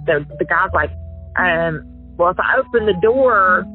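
A woman's voice: lowish voice, lively intonation, a little slow, soft background music. A woman being interviewed about her past, talking in a rambling, self-interrupting, confessional way over a phone line. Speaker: interviewee, former prank caller. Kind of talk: casual interview.

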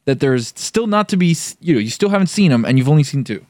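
A man on a casual podcast, jumping in with quick questions and reactions. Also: fairly high pitch, expressive, a little mellow, no room sound, studio quality. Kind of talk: casual chat.

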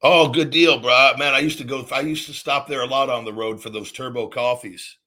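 A man's voice: medium pitch, fairly even intonation, brisk, bright, forceful tone. A man hosting a call-in show, telling stories bluntly and swearing freely. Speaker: podcast host taking callers. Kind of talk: casual profane storytelling.

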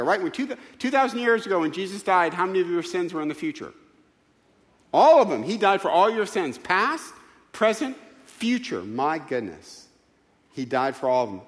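A man's voice: high voice, big-room sound. A man preaching a sermon in a church, emphatic and full of rhetorical questions. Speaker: pastor. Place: church sanctuary.

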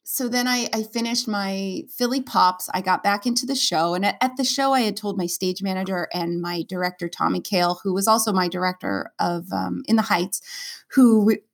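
A woman's voice: mid-range voice, normal speed, creaky. A woman, a stage performer as interview guest, telling her own story in a candid, earnest and emotional way, with many fillers and restarts.

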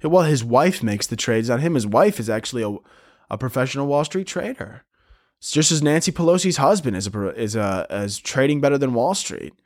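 A young man hosting a solo comedy podcast, rambling and sarcastic, swearing often and breaking into squeaky mocking voices. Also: animated, a little fast, darkish tone, dry recording, clean studio sound. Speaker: podcast host.

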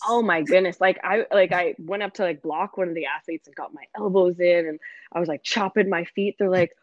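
A woman's voice: on the low side, brisk, no echo. Laughing woman coach, lo-fi sound. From Canada. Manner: animated and laughing, fills speech with "like". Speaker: football coach, guest. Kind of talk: casual interview chat. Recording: dull lo-fi dry sound.

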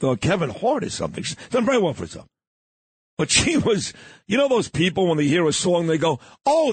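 Brash New York radio host. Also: male voice, high-pitched, breathy edge, dry recording. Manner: brash, boastful, joking. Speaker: radio morning show host. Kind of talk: casual radio banter. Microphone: studio microphone.

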